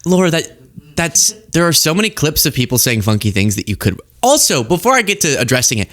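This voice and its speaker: A man hosting a political commentary show, talking in an animated, exasperated, rambling way. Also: on the high side, a little fast.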